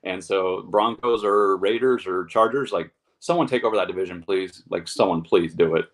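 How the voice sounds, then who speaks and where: A man's voice: low voice, moderate pace. A man co-hosting a football talk show, blunt and heated, ranting with profanity. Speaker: sports show co-host. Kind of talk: casual sports talk.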